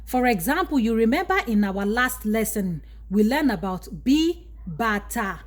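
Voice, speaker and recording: A woman's voice: fairly high pitch, sing-song, a little slow. A woman with a Yoruba accent, teaching a language lesson, who says each Yoruba word and then gives its English meaning. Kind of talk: slow vocabulary lesson.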